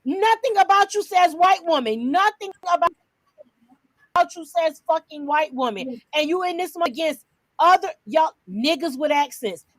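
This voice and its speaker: A brash woman with a high voice co-hosts a podcast, recorded dry and close. She rants in heated, casual commentary, loud and full of profanity. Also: lively intonation, moderate pace, no echo, poor audio. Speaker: podcast co-host.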